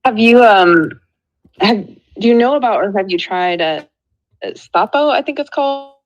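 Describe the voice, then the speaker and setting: A woman's voice: medium pitch, animated, moderate pace, dull audio. A woman joining a live talk as a guest, speaking earnestly and reflectively. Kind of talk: casual conversation.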